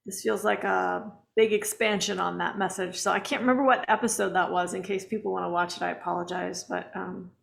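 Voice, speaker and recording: A woman's voice: lowish voice, steady tone, a little fast, vocal fry, few pauses. A woman co-hosting a casual spiritual chat, enthusiastic and blunt, swearing now and then. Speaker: co-host.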